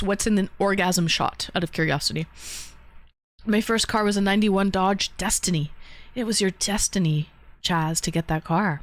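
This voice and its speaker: Woman, livestream host, casual chatter, laughs, swears, mid pitch, dry close sound. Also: dry recording. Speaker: livestream host reading chat.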